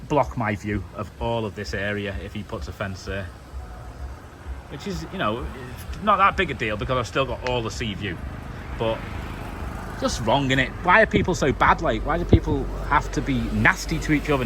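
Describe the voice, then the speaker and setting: A British man chats straight to camera outside his home, loose and full of fillers. His voice sits at an ordinary middle pitch. Faint outdoor ambience runs underneath. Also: a bit bright, a little hiss or hum. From United Kingdom. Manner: chatty, loose and conversational with many fillers. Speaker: vlogger. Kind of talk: casual rambling monologue to camera.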